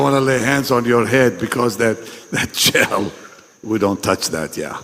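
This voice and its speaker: A man's voice: on the low side, a little slow, a bit bright, a little hiss or hum. A man preaching a sermon at a pastors' meeting. He is emphatic, repeats his phrases and questions the audience directly. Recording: long reverb in a large hall.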